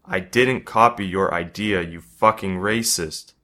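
A man reading as a quiet schoolboy, soft-spoken and withdrawn, in a storybook telling. The voice is deep and slow, close to the narrator's own. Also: gravelly, full character voice. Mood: yelling. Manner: subdued, then defiant.

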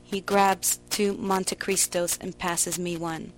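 A woman giving a slow, emotional, theatrical reading of a first-person story. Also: fairly low pitch, level tone, slight background noise, low-quality recording. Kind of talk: dramatic literary reading.

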